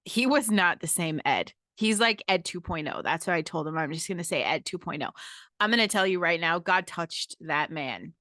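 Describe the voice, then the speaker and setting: Woman, bright tone, dry close sound, emphatic casual storytelling, profane, solo podcast host. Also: lowish voice, expressive, moderate pace, no echo. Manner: emphatic, profane, repeats "okay?" to the listener.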